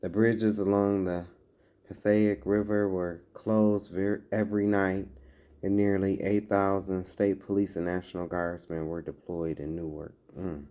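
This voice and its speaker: A man's voice: low voice, flat delivery, measured pace, mellow. A man giving casual commentary as he reads out a list, breaking off into sarcastic asides and chuckles.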